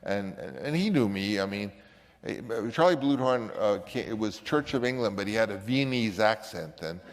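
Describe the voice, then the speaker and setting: A man's voice: on the low side, lively intonation, normal speed, in a large hall. A man and film director telling a rambling anecdote, often stopping and restarting his sentences. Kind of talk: anecdotal storytelling.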